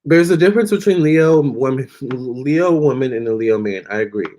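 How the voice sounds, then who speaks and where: A man's voice: mid-range voice, lively intonation, moderate pace, darkish tone. A young man hosting a live tarot stream, chatting casually and reading out viewers' comments with lots of fillers and restarts.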